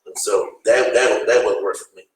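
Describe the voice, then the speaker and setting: Low-voiced man, distant and echoey. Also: steady tone, normal speed. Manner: plain-spoken, offering advice. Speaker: panelist. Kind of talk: casual panel discussion. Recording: echoey room, far from the mic.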